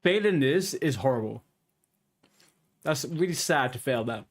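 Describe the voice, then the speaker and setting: A man's voice: medium pitch, expressive, a little slow. A man chatting casually while streaming a game, reading chat and puzzling over pronunciations in a playful way.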